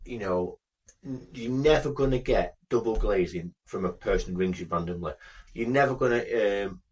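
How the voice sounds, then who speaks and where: A man's voice: on the low side, moderate pace, darkish tone, husky, far from the mic. A man co-hosting a podcast, chatting with many fillers and doing mock-polite impressions. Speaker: podcast co-host. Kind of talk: casual chat.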